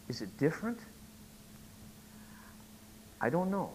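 A middle-aged man preaching a sermon, telling a joke story and rising to loud, emphatic peaks. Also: mid-range voice, lively intonation, a little fast, a little hiss or hum, poor audio. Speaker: pastor.

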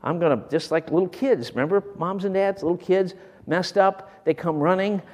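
A man preaching a sermon with great passion, swinging from loud bursts down to near whispers. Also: high voice, normal speed, long reverb tail.

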